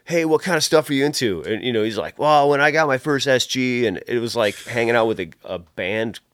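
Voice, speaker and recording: A man's voice: mid-range voice, expressive, a little fast, fairly bright tone, dry recording, clean studio sound. A man who builds guitar pedals, telling long rambling stories in casual chat, swearing often and acting out the voices in his stories. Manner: rambling storyteller, heavy swearing, acts out quoted dialogue.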